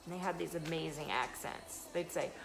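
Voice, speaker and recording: A woman's voice: low voice, moderate pace, gravelly, background noise. A woman with a slight Southern twang, hosting a live stream as an intuitive card reader and chatting effusively toward her phone camera. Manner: chatty and effusive, with sudden bursts of emphasis. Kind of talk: casual live-stream chat.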